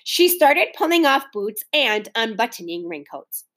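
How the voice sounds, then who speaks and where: A woman's voice: fairly high pitch, unhurried. A woman reading a children's book aloud, talking directly to young listeners between passages. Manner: animated, doing children's voices, talks to listeners directly. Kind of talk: read-aloud storytime for kids.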